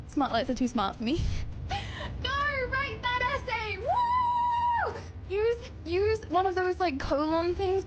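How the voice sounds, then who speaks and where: A woman's voice: high voice, lo-fi sound, slight background noise. A young woman streaming live, chatting casually with her viewers in a bubbly, giggly way. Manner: bubbly, giggly, cheering chat on.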